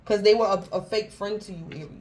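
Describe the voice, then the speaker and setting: A woman reads tarot cards in a loose, chatty way, her voice sitting at a middle pitch. She talks in slangy, informal phrasing, restarts her sentences and keeps calling out to her listener by star sign. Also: quick pace, a little mellow, poor audio. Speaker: tarot reader. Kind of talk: casual tarot reading to camera.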